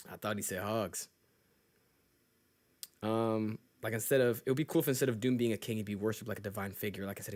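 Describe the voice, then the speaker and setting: A man hosting a live stream, reacting to his own video in slangy, profane, excitable casual chat. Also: medium pitch. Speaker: streamer host.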